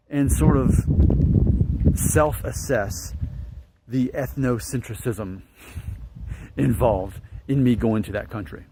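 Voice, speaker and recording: A man's voice: mid-range voice, darkish tone, a little hiss or hum. A man in his late thirties from northern Alabama, talking through his thoughts in a casual, musing monologue for his viewers. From northern Alabama, United States. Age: late 30s. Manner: musing, repeats himself, trails off. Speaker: vlogger.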